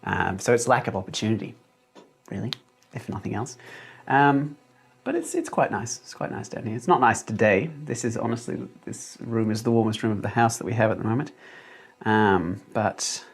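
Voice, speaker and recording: This is a man raised in Australia who speaks with an English accent from his British parents. He has a mid-pitched, slightly gravelly voice. He chats casually and rambles to his livestream viewers from a small room at home. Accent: English accent from British parents, living in Australia. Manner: rambling and chatty, with many fillers and restarts. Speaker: livestream host and mapmaker. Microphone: desk mic, no headphones.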